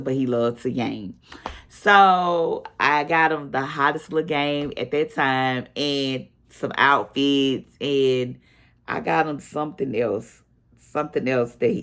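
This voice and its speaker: Slow, low-voiced woman telling a story. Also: vocal fry. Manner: animated storyteller, acts out quotes with a higher voice. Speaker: vlogger telling a personal story. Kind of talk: casual storytime chat.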